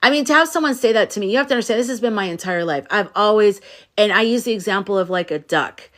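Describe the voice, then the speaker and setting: A woman's voice: medium pitch, expressive, fast, fairly bright tone. A middle-aged woman hosting a casual livestream, talking to viewers in a playful, rambling way and swearing now and then. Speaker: livestream host, spiritual coach.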